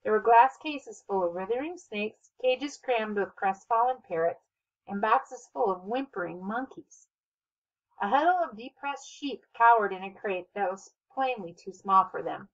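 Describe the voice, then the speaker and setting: A woman reading a children's novel aloud as narrator, with expressive, steady storytelling. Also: mid-range voice, a little slow, dull audio. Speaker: audiobook narrator. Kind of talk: scripted narration.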